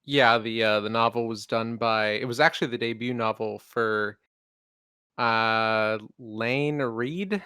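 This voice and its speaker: A man's voice: mid-range voice, slow pace, sharp tone, clean tone, dry recording. A man co-hosting a podcast with dry, wry remarks. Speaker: podcast co-host. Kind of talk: casual chat.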